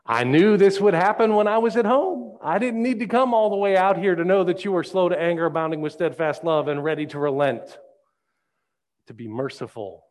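A preacher acting out a whiny sulking prophet. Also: male voice, high-pitched, fairly quick, a little mellow, voice pushed up, lightly acted. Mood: whining. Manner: complaining, petulant.

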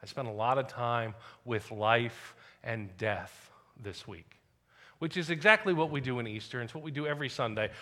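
A man preaching a sermon as the pastor, telling a personal story in a conversational way and dropping to quiet asides. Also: mid-range voice, normal speed.

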